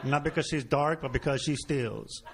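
A man's voice: fairly high pitch, steady tone, normal speed. Brash, profane stand-up comic man. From Mexican-American. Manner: profane, brash punchline delivery. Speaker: stand-up comedian. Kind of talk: stand-up comedy set. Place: comedy club stage before a live audience. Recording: live club recording with audience noise.

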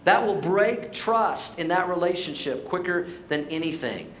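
A man's voice: sits high, animated, a little slow, fairly bright tone, roomy sound, slight background noise, low-quality recording. A man preaching a sermon as pastor to his church, playful and joking, then pressing his points with emphasis. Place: church sanctuary.

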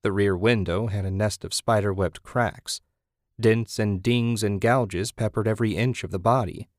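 A man reading fiction aloud in a steady, measured way, as an audiobook narrator. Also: fairly low pitch, no room sound, studio quality. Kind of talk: scripted narration.

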